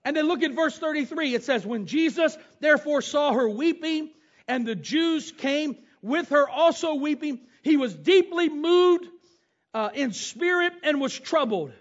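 A man's voice: extremely high pitch, expressive, unhurried. A middle-aged man preaching a sermon, reading scripture and telling stories from family life. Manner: storytelling, reads scripture aloud and retells it. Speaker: pastor. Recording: dull lo-fi sound.

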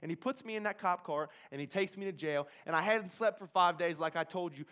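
A man's voice: high voice, fast talker, hardly any pauses, a bit bright. A man giving an emotional personal testimony, telling his story intensely and repeating key phrases for weight.

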